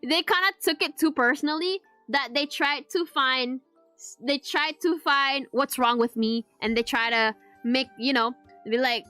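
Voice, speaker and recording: High, bright giggly woman. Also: lively intonation, moderate pace, faint music behind. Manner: giggly, laughs often between sentences; rambling, restarts and mixes in Malay words. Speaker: VTuber streamer. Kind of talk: casual Q&A chat.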